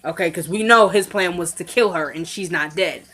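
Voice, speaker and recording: A woman casually recapping a TV drama episode, chatty and animated, retelling scenes and quoting the characters. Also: moderate pace. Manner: animated, quotes characters in lowered voices, laughs often.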